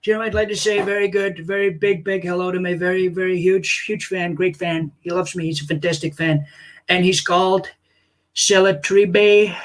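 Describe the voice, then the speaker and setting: A man's voice: high voice, fairly bright tone. A comedian voicing a boastful older male politician who rambles and praises himself. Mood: pompous. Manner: pompous, repetitive, drawn-out boasting. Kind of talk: comic impression on a livestream.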